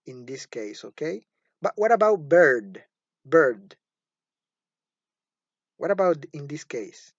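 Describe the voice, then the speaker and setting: A male teacher walks through a recorded phonology lesson at a very unhurried pace, saying each example word two or three times over. His voice sits a little higher than most men's. The recording is dull and lo-fi, with a dry, close sound and no room echo. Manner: slow and deliberate, repeating example words several times.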